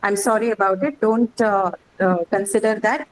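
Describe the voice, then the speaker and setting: A woman at a middle pitch teaches a class and walks through each point in turn. She keeps stopping to ask "okay?" to check that the student follows. A faint hiss of background noise sits under her voice. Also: moderate pace, low-quality recording. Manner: explains step by step, often checking with "okay?". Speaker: English teacher. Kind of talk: online class lecture.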